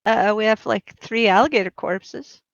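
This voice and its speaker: A woman playing in a tabletop game, chatting casually in a relaxed, easygoing way. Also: medium pitch, moderate pace, dry recording. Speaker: player. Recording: dull lo-fi voice chat.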